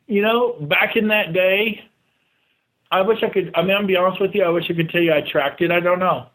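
High-voiced, energetic motivational man. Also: brisk, rough recording. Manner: energetic, motivational, talks in bursts; acts out quoted people. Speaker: real estate agent and guest. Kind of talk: casual interview talk.

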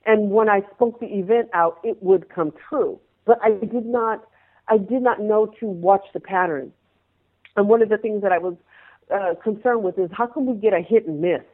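A woman telling a personal story in an interview, animated and acting out scenes in changing voices. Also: mid-range voice, normal speed. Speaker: interview guest, former pro dancer. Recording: tinny phone-like line.

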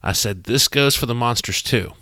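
A man talking as game master on a podcast, animated and full of restarts, acting out quotes as he recaps a session. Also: mid-range voice, normal speed, no echo. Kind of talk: podcast discussion.

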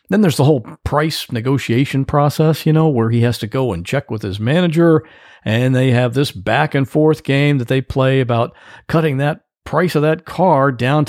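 A man hosts a solo podcast in a relaxed, plain-spoken, folksy manner. His voice is gravelly and a bit high, and his pitch swings widely as he talks. The close mic picks up very little room sound. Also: dry recording. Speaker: podcast host, computer repair tech. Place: home office.

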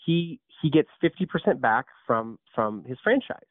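A man's voice: medium pitch, moderate pace, dry recording. Man in his thirties on a tinny line. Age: 30s. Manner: restarts a lot, repeats words, animated. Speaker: guest, company founder. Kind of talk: casual storytelling interview. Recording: tinny phone-like line, dry.

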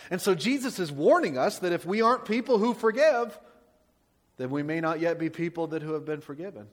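A man preaching a sermon as a pastor, telling a story with lively emphasis and dropping to quiet, soft lines for his points. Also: a little high, a little fast. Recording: long hall reverb.

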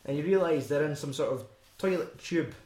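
A man's voice: on the high side, expressive, fairly quick, a little mellow, reverberant. A Scottish man co-hosting a podcast, rambling and swearing casually as he talks through a film. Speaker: podcast co-host.

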